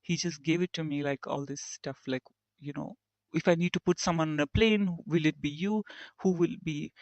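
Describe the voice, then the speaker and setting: A woman's voice: deep voice, normal speed, a little mellow, dry recording, muffled recording. A woman engineer, a podcast guest, talking reflectively and acting out the remarks of people she quotes. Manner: reflective, tells stories and acts out quoted remarks. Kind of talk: conversational interview.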